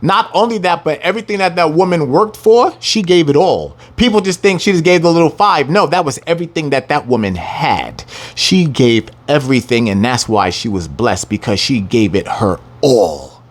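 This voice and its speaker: Man preaching a scripture lesson, fairly high voice, very animated pitch, brash, profane, taunting, drawn-out verse reading. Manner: reads verses slowly with heavy emphasis. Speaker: scripture teacher.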